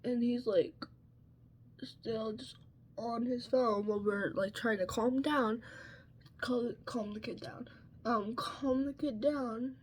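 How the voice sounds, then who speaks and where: Woman vlogger with a slightly high voice and an unhurried, filler-laden storytime delivery, and a faint hiss behind her. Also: fairly even intonation, darkish tone. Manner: chatty, peppered with "like" and "um". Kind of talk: casual storytime while getting ready.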